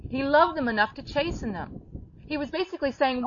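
A woman preaching a sermon in a blunt, emphatic way, rising into sharp bursts when she quotes others. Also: sits high, animated, fairly quick, dull audio, slight background noise. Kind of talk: sermon-style teaching.

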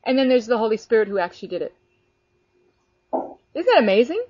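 Earnest, animated woman on a dull line. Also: on the high side, a little fast, dry recording. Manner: animated, earnest, many fillers. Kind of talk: casual faith conversation. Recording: dull lo-fi sound.

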